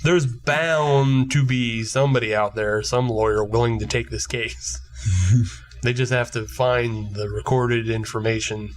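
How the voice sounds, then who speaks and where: Man, podcast co-host, casual banter, frequent laughs, self-mocking, average pitch. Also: fairly even intonation, measured pace, faint music behind. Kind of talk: casual chat.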